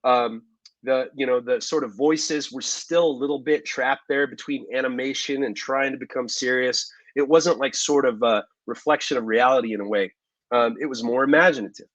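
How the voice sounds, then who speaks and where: A man, an actor as interview guest, telling stories in a relaxed way with many fillers and asides. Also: mid-range voice, normal speed, no room sound, highs cut off. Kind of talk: casual interview storytelling.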